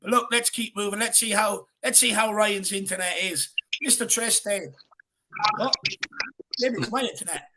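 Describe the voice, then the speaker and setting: A man's voice: high voice, moderate pace, bright, forceful tone. A man with an Irish accent hosting a football fan show, talking casually and energetically, calling people "my man" and "brother.".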